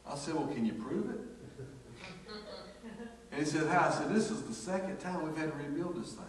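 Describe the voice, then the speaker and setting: A man's voice: a little high, brisk, a little hiss or hum. Folksy man preaching in an echoey hall. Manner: folksy, animated storytelling with acted quotes. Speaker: pastor. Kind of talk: storytelling sermon. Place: church sanctuary. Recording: echoey church hall from far off.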